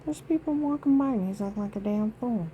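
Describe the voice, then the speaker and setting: A woman's voice: mid-range voice, quick pace, warm tone, dull audio, slight background noise. A woman vlogging in a rambling, indignant monologue, aggrieved and emphatic with many asides.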